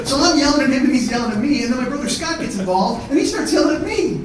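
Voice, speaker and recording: High-voiced man telling a profane stand-up story. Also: lively intonation, very fast, hardly any pauses, a loud crowd. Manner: profane, escalates to shouting in acted-out arguments. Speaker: stand-up comedian. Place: theatre stage before a live audience. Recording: echoey theatre, mic at a distance.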